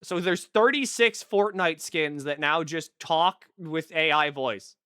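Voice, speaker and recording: A man streaming a video game, giving profane, animated commentary while he plays. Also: on the high side, slow pace, clear, resonant tone, dry recording. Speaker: gaming streamer. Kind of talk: live-stream gameplay commentary. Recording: game music behind the voice.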